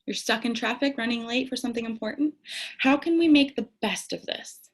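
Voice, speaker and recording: A woman's voice: fairly high pitch, fairly quick. A young woman speaking candidly to camera about tarot and self-care, reflective and conversational, laughing at herself now and then. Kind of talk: reflective spiritual talk to camera.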